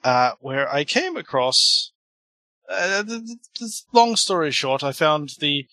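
A man playing a tabletop role-playing game, telling his character's story in character with many restarts and halting fillers. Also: a little high, sing-song, pushed and bright.

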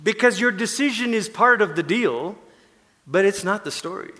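A man preaching a sermon as pastor, animated, acting out Paul in casual talk and dropping to soft whispers. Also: sits high, normal speed, big-room sound.

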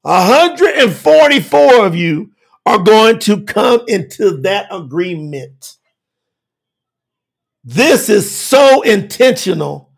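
A man preaching a sermon with emphasis, moving between shouted lines and quiet low asides. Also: very animated, slow pace, creaky, husky.

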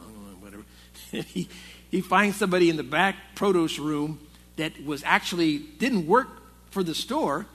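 A man's voice: a little high, fairly bright tone. A male pastor preaching to a men's Bible study in a conversational, storytelling way. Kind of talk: sermon. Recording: long hall reverb.

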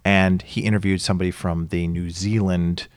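A man co-hosting a casual chat, telling stories in an animated way and acting out the people he quotes. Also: deep voice, normal speed, clean tone, no echo, studio quality. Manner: animated storyteller, acts out quotes.

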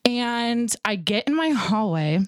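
A woman in casual podcast chat who laughs easily and swears without a second thought. Her voice is slightly high and swings widely up and down. The sound is close and dry. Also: animated, slow pace, dry recording. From Texas. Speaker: podcast co-host.

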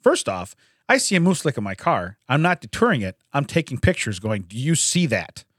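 A man's voice: medium pitch, wildly swooping pitch, a little fast, a bit bright, no echo, clean studio sound. A man co-hosting a casual comedy podcast, joking and laughing often while he riffs. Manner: jokey, laughs often, does silly voices. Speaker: podcast co-host.

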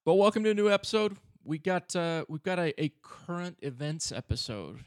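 A man's voice: a little high, very animated, fairly quick, no room sound, studio quality. A man co-hosting a finance podcast in a casual, rambling way, his voice sounding slightly robotic. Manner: loose, rambling explanations. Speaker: podcast co-host.

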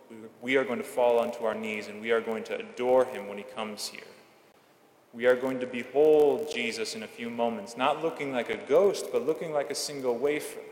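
A man giving a Catholic homily at Mass, measured and earnest, with slow emphatic phrases. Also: mid-range voice. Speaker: Catholic priest. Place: large church. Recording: echoey church with long reverb.

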